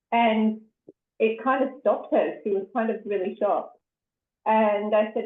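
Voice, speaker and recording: Woman participant, hesitant and halting, on thin, roomy call audio. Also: a little high, little pitch movement. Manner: hesitant, searches for words with many fillers. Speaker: class participant. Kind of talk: casual sharing on a video call. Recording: tinny phone-like audio in an echoey room.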